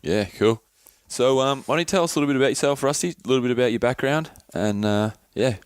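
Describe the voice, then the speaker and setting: A man's voice: mid-range voice, quick pace, clear, resonant tone, no echo. A man hosting a podcast, reading ads casually and stumbling over words, cursing his own slips. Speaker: podcast host. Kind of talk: casual podcast chat and ad read.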